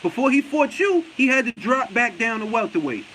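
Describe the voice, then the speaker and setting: A male boxing talk show host ranting in casual chat, animated and profane, hammering his points with repetition. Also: extremely high pitch, moderate pace, a little hiss or hum, rough recording. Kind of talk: casual chat, heated rant.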